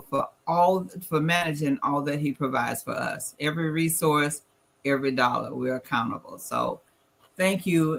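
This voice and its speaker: A man with a Southern US accent speaks in a bright, slightly high voice. He presents an earnest, plain-spoken talk at a church gathering and reads verses aloud in the same teaching tone. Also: gravelly. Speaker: guest presenter. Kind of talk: church financial talk with slides.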